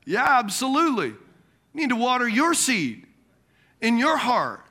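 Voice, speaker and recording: A man delivers a lively sermon in a high, bright voice. He acts out the people he quotes and laughs at his own asides. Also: a little slow. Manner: animated preaching, quotes imagined people, laughs at himself. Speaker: pastor.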